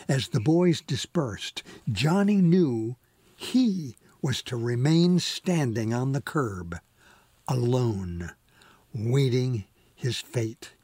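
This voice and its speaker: A man narrating a story in an expressive, lively reading style with a husky voice. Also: mid-range voice, slow pace, no echo.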